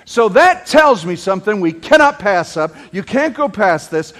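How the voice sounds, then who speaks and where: A male pastor preaching in a church hall, his voice sitting high and leaping up and down as he drives home his points. He peppers the congregation with rhetorical questions and pushes toward a shout at the peaks. Long reverb trails every line. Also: sing-song, moderate pace, few pauses. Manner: raises voice to near shouting at peaks. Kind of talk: sermon.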